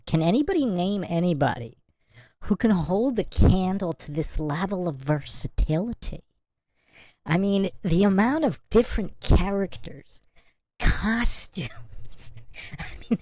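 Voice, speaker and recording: A woman's voice: on the low side, expressive, measured pace, warm tone, no room sound. A woman hosting a livestream, commenting in a sarcastic, mock-admiring tone. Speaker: livestream host. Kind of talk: casual chat.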